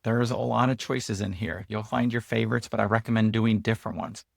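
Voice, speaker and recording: Gravelly low-voiced man, casual walkthrough. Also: brisk, no room sound, clean studio sound. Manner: relaxed, chatty, loose with fillers and restarts. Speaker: host and app founder. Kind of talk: casual screen-share walkthrough.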